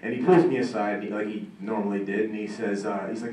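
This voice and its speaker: A man's voice: on the low side, steady tone, fast, few pauses, a crowd in the background. A man in his thirties giving an acceptance speech at a banquet, telling self-mocking stories with laughter. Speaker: hall of fame inductee. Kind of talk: after-dinner acceptance speech. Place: country club banquet room. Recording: echoey hall from far off, ambient noise.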